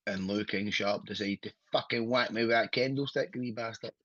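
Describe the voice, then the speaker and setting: A man's voice: lowish voice, a little fast, a bit bright, no room sound, muffled recording. A Scottish man, a wrestler, chatting casually as a podcast guest, blunt and sweary with a laughing storyteller's manner.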